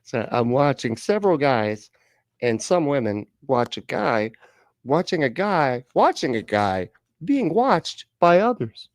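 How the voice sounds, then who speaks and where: A man's voice: medium pitch, very animated, a little slow, dry recording. A man hosting a live reaction stream, sarcastic and laughing through his jokey asides.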